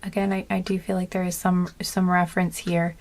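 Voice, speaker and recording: Gentle rambling woman giving a tarot reading. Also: lowish voice, flat delivery, brisk. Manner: gentle, rambling, many fillers and restarts; earnest and emotional. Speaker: tarot reader. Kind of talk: casual spoken tarot reading.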